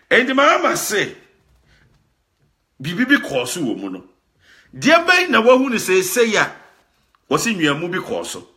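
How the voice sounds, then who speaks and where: Animated Ghanaian man, bright and lively. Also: sits high. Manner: lively, emphatic, repeats words, laughs often. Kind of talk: animated commentary mixing Twi and English.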